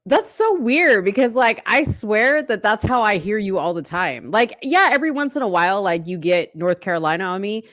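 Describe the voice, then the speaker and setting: A woman co-hosting a casual live-stream chat, animated and asking probing questions. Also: mid-range voice, moderate pace, hardly any pauses, no room sound, studio quality. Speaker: co-host.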